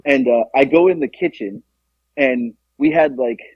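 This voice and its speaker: Young male podcast co-host, husky, animated storyteller who acts out the voices. Dull, dry lo-fi sound. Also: measured pace, no room sound. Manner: animated, acts out quotes with jumps in pitch. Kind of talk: casual storytelling.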